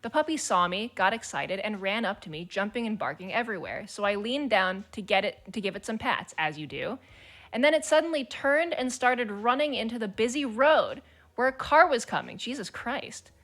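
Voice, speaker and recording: A woman's voice: fairly high pitch, lively intonation, moderate pace, a bit bright. A woman streamer chatting casually and reading forum posts aloud, blunt, swearing freely and laughing as she talks.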